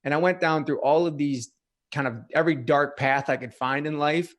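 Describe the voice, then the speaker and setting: A man's voice: fairly high pitch, steady tone, normal speed. A young man sharing his life story as a podcast guest, earnest and open, with many casual fillers. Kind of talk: personal storytelling interview.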